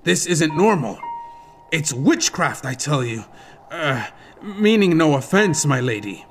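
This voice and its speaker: A man's voice: a little high, very animated, unhurried, faint music behind. A man voicing a blunt, grumbling, superstitious soldier in an audiobook. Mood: uneasy grumbling.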